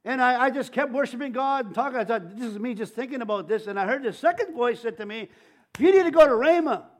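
High-voiced older man preaching, stammering restarts. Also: quick pace, a bit bright. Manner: testimony-style preaching with many restarts and stammers. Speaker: pastor. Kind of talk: sermon.

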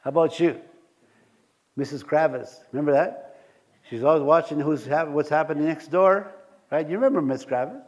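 A man's voice: fairly high pitch, normal speed, long pauses. A man preaching to a congregation in a church, telling everyday stories with frequent chuckles and questions to the listeners. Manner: animated storytelling, chuckles often, asks the congregation questions. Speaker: pastor. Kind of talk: sermon with personal stories.

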